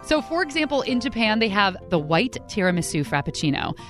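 Chatty upbeat woman hosting a podcast, medium pitch, lots of energy. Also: sing-song, fairly quick, a bit bright, soft background music. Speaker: podcast host. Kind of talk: casual storytelling narration.

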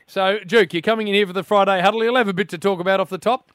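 A man's voice: high voice, steady tone, racing, fairly bright tone, no echo. A man co-hosting a radio show, teasing his colleague in casual banter. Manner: teasing, laughs often. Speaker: radio co-host.

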